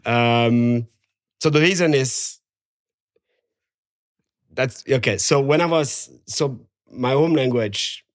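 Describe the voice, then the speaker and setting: A man's voice: medium pitch, slow pace, long pauses. Belgian man with a French accent. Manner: hesitant, many fillers and restarts, laughs often. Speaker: guest, mining assistant general manager. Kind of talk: casual podcast interview.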